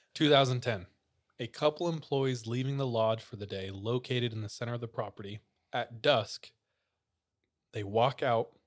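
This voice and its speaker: Male host, relaxed storyteller, mid pitch, informal creepy-tale delivery. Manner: relaxed storyteller, many "like" fillers. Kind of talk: casual storytelling of creepy tales.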